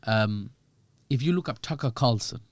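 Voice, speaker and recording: A man talks through politics as a podcast guest at a middling pitch. He is animated and joking, and he slips into acted-out voices. His voice sounds dry and close with no room echo. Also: moderate pace. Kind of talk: conversational political commentary.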